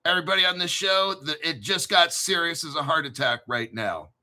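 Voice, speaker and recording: A middle-aged man with a New Jersey accent, hosting a casual crypto talk show in an excitable, profane, rambling way. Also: on the high side, brisk. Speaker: crypto channel host. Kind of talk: casual livestream chat.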